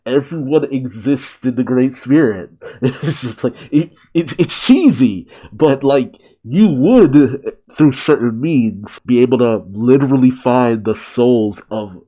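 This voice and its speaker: Mellow-voiced man gushing with laughs. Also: medium pitch, slow, slightly rough. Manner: laughs often, gushing and openly emotional. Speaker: anime reaction host. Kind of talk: casual reaction commentary.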